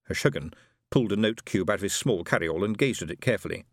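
A man reading a science fiction audiobook aloud in an expressive, varied way. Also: lowish voice, fast talker, dry recording, studio quality. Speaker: narrator. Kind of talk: audiobook narration.

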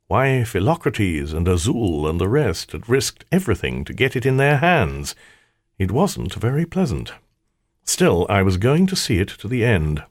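Deep-voiced guy narrating an audiobook, wry and theatrical, voice swoops all over, dry close sound. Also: dry recording. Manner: wry, theatrical first-person storytelling.

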